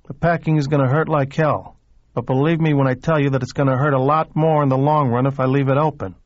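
A man reading a cool, brisk, matter-of-fact former doctor with a clinical manner. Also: medium pitch, steady tone, no room sound, highs cut off, close to an everyday voice. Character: cold, clinical older male ex-doctor.

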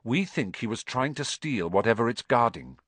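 Eager earnest schoolboy, voice jumps up high, a man doing him, dry. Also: animated, moderate pace, a bit bright, slightly rough, no room sound.

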